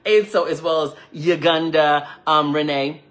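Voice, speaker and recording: A man with a fairly high voice tells a long personal story to a live audience. His delivery is chatty and animated, full of fillers like "like" and "you know". He keeps breaking off to address his viewers. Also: unhurried. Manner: slips into quoted dialogue and asides to viewers. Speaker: livestream host.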